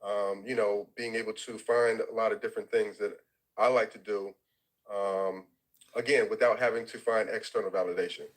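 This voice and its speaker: A man's voice: on the low side, steady tone, moderate pace, low-quality recording. A man co-hosting a casual talk, easygoing and slangy, often asking "you know what I'm saying?". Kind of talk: casual chat.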